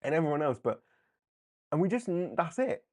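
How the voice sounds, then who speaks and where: Animated man reviewing comics live. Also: on the high side. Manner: animated, laughing, acts out characters in quick asides. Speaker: comic book livestream host. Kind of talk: casual live commentary.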